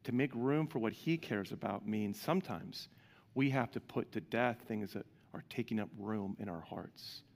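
A male pastor giving a sermon, animated and putting questions to the congregation. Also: fairly low pitch, moderate pace, gravelly, big-room sound.

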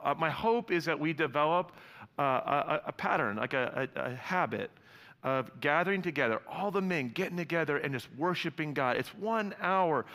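A fairly high, bright and forceful male voice preaching in a casual, lively way. He jokes freely with his congregation. The sound rings with the long reverb of a large hall. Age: adult with young sons. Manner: lively, joking, conversational preaching. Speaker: pastor. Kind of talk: sermon. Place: church hall before a congregation.

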